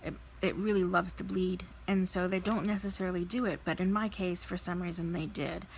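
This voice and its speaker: A woman in her thirties, a vlogger telling a personal story in a candid, animated way, acting out the people she quotes. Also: on the low side, fairly quick, vocal fry, slight background noise, low-quality recording. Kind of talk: casual storytelling while crafting.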